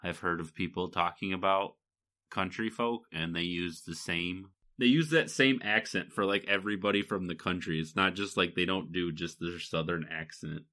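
Michigan guy rambling on a podcast, low voice but kinda punchy and bright. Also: moderate pace. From Michigan, USA. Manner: rambling, lots of fillers and laughs. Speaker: podcast co-host. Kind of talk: casual chat.

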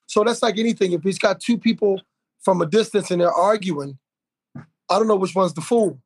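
A man hosting a podcast, telling a story in a lively way, acting out quotes with plenty of fillers and restarts. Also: sits high, normal speed, no echo. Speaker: podcast host. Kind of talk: casual podcast conversation.

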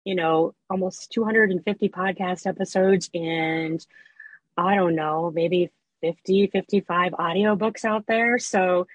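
A husky-voiced woman chatting as an interview guest about her writing and narration work. She tells things in a loose, animated way, full of fillers and small laughs. Her voice sits close and dry, with no room sound. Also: lowish voice, measured pace, dry recording, poor audio. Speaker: erotica author and audiobook narrator, guest. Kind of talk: casual interview chat.

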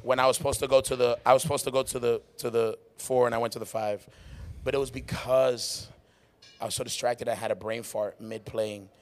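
A man's voice: medium pitch, a little fast. A man hosting a casual live podcast in a warehouse-style venue after a worship show, rambling and laughing, with his voice nearly gone. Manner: excitable, laughs a lot, rambling. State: losing his voice. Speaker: podcast host and worship musician. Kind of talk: casual chat.

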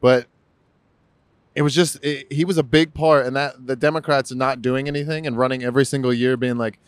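A man's voice: mid-range voice, steady tone, a little fast, smooth, no room sound. A man co-hosting a podcast, talking in a loose, profane, rambling way about politics. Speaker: podcast co-host. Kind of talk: casual political chat.

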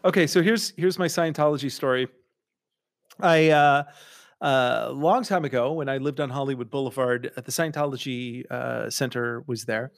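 A man's voice: mid-range voice, normal speed, vocal fry. A middle-aged man hosting a podcast, telling a comic story in a casual, jokey way and acting out the people he quotes. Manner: animated, jokey, acts out quoted voices. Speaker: podcast host.

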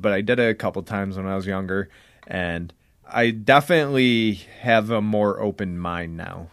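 A man's voice: lowish voice, a bit bright, no room sound, clean studio sound. Young man rambling through a story. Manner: rambling storyteller, heavy swearing and "like" fillers. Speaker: podcast host. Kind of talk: casual podcast chat.

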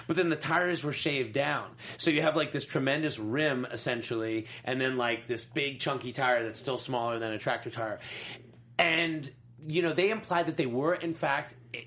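A man's voice: a little high, fairly bright tone. A young man co-hosting a podcast in casual chat, rambling and joking, often correcting himself mid-sentence. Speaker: podcast co-host.

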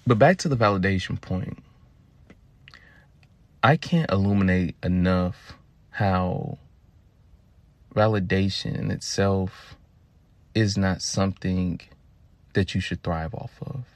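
Podcast host, man, 30s, from Louisiana; gravelly, profane, animated storyteller, dry close recording. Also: low voice, slow, pauses often, no room sound. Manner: profane, animated, addresses listeners directly. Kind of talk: casual storytelling monologue.

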